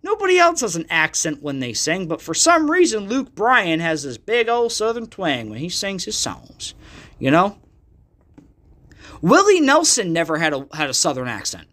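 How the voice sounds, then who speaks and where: A man's voice: high-pitched, wildly swooping pitch, normal speed, fairly bright tone. A man from the United States hosting his own podcast, ranting with a lot of profanity in a loose, heated monologue. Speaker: podcast host. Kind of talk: solo podcast rant.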